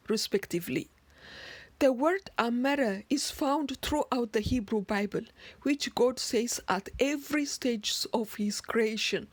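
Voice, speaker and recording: A woman explains the roots of words in a measured lecture. She talks very slowly and stops now and then to restart a phrase. Her voice sits a little high, and the close recording is dry with no room sound. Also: no room sound. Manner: slow, deliberate delivery with occasional restarts. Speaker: narrator. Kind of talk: slow explanatory lecture on word origins.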